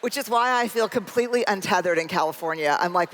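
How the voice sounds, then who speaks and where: A woman's voice: lowish voice, fast, a bit bright, slight background noise. Chatty storytelling woman, echoing hall. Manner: self-deprecating, chatty, addresses the audience directly. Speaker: keynote speaker. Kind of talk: humorous personal storytelling talk. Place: large conference hall with a live audience. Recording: long hall reverb.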